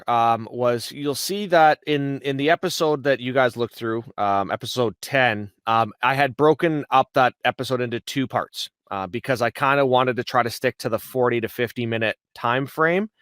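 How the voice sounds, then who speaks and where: A man who makes a podcast, asking for advice in a hesitant way and pausing on ums and uhs. His voice is smooth and clear. The recording is dry and close. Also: mid-range voice, a bit bright, no room sound. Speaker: podcaster and guest. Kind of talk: asking a question on a call.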